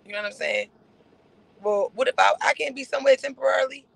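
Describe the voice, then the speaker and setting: High gravelly man ranting sarcastically. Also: quick pace, a bit bright, poor audio. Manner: sarcastic, repetitive, laughs between phrases. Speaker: livestream host. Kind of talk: casual livestream rant.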